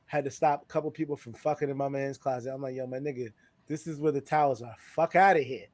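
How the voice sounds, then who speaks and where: Animated storytelling man, dry close mic. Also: fast talker, no room sound. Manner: animated, acts out quotes with big pitch jumps, swears freely. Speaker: podcast co-host. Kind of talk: casual storytelling among friends.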